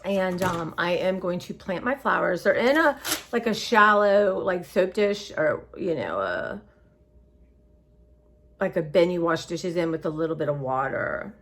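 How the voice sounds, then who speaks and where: A woman with a lowish, animated, slightly bright voice rambles unhurriedly in a casual vlog to her viewers. She sounds tired and emotional, chatting in a scattered way and saying "y'all" a lot.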